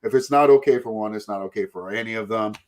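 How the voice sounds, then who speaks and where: Low-ish and darkish, this man talks fast. He hosts a podcast, chatting in a rambling, foul-mouthed way and putting on mocking voices.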